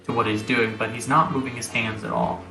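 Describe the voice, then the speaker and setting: A man narrating as game master of a tabletop game, descriptive and halting with many pauses. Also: mid-range voice, fairly even intonation, gravelly, pushed and bright. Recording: roomy recording, faint music.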